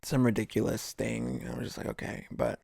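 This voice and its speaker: A man's voice: medium pitch, flat delivery, a little fast, creaky, darkish tone, dry recording, studio quality. A young man co-hosting a podcast, talking loosely with many fillers and acting out the people he quotes. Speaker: podcast co-host. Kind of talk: casual chat.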